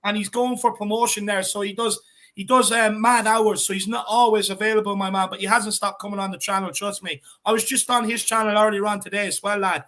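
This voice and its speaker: A man with a high, bright voice and an Irish accent hosts a casual live stream, reading viewer comments and hyping each one up. He shouts out every viewer in a chummy, upbeat way. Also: steady tone, a little fast. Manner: hypes viewers with "big yourself up, my man". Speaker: host reading live chat.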